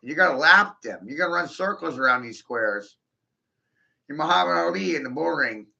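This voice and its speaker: A man's voice: fairly high pitch, expressive, moderate pace, gravelly, bright, forceful tone, muffled recording. A man in a rambling monologue, boastful and taunting, swearing crudely and laughing often.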